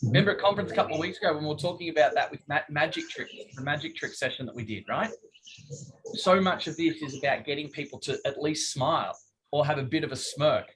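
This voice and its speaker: A man's voice: on the high side, animated, quick pace, a bit bright, slight background noise, rough recording. A middle-aged man, coaching a group over a video call in a chatty, joking way and acting out phone calls. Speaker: business coach.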